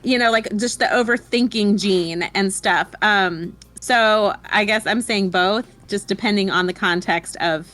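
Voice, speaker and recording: A woman's voice: medium pitch, a little slow, few pauses, a bit bright. A middle-aged woman co-hosting a casual group chat, rambling and thinking aloud with fillers.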